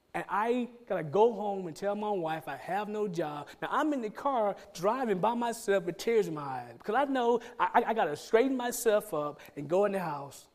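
A man telling a personal testimony as a sermon, animatedly acting out his own past conversations. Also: sits high. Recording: long hall reverb.

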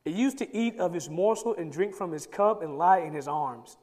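A man's voice: sits high, expressive, moderate pace, a little mellow. A man preaching a sermon. He reads scripture aloud and rises into emphatic pleading. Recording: long hall reverb.

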